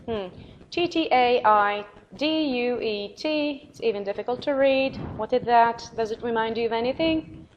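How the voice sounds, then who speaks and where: A woman's voice: on the high side, muffled recording, slight background noise. Encouraging woman teacher spelling words. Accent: Arabic. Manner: encouraging, spells words letter by letter, repeats words slowly. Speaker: English teacher. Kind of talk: recorded vocabulary lesson.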